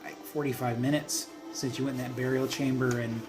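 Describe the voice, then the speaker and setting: A man's voice: mid-range voice, level tone, fairly quick. Easygoing male game master, music behind. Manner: easygoing, hesitant with ums. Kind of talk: narrating a tabletop game.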